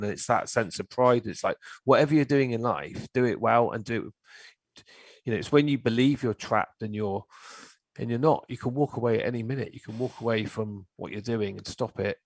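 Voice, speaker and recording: A middle-aged man telling stories in casual chat, animated and swearing freely. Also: medium pitch, brisk, no room sound. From England. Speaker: guest, therapist.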